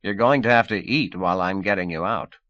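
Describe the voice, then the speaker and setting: A man playing a smooth, assured male agent. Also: deep voice, fairly bright tone, no echo, lo-fi sound. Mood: firm. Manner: brisk, assured, coaxing. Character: smooth middle-aged male agent, confident and persuasive.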